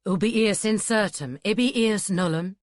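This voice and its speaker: A woman voicing a gruff, wry northern English farmer who teases with blunt questions, in a northern accent. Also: mid-range voice, normal speed, dry recording, clean studio sound, close to an everyday voice. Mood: probing.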